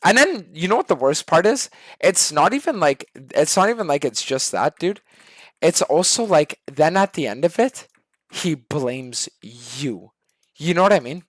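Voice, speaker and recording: A man's voice: on the high side, lively intonation, measured pace, no room sound. Exasperated young man ranting on stream. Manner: profane, exasperated ranting that swings between shouting and muttering. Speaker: game streamer. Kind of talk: ranting to a live stream chat.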